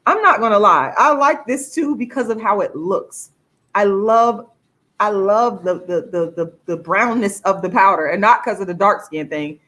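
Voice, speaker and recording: A woman chats to her viewers in a casual vlog, her voice sitting at an ordinary middle pitch. She talks emphatically and often calls out to the audience. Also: animated, moderate pace, fairly bright tone. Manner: chatty, emphatic, addresses viewers as y'all. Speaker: vlogger.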